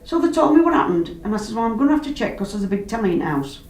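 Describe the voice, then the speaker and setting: A woman with a rather high voice talks rapid-fire as she casually and animatedly tells stories about strange goings-on in a house, acting out what people said in dialect grammar. The recording is roomy, from a distant mic, with background noise.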